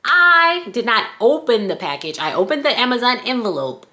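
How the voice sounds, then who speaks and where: A scrunchie shop owner with a Southern US accent playfully chats through a casual product review on her own vlog, slipping into little sing-song bits. Her voice is a little high and sing-song, at a moderate pace, with a sharp tone.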